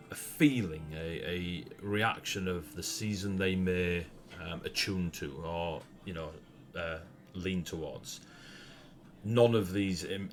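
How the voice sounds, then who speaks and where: A young man with a Northern English accent, narrating a tabletop game as game master in a laid-back, rambling way and laughing often. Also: sits low.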